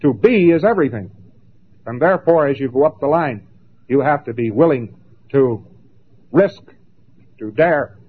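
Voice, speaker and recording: A man giving a lecture, emphatic and dramatic, with long pauses and mocking asides. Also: mid-range voice, expressive, breathy edge. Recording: tinny lo-fi old recording.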